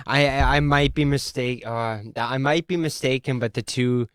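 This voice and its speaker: A man's voice: medium pitch, normal speed, clean tone, no echo. Agreeable man, hedging as he talks. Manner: agreeable, hedging, lots of yeahs. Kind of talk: casual chat among friends.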